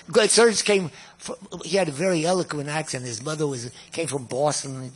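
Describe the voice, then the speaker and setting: A man's voice: a little high, moderate pace, a little hiss or hum. A man in his nineties, a guest musician, reminiscing in a rambling way, often repeating words and chuckling at his own tales. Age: 90s. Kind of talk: storytelling reminiscence.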